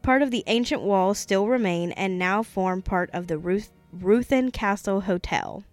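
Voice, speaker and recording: A woman's voice: mid-range voice, a little slow, a little mellow, no echo, faint music behind. A woman co-hosting a podcast, tired and giggly, chatting casually and stumbling over names as she reads history. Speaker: podcast co-host. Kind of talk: casual chat and reading history. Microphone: close studio mic.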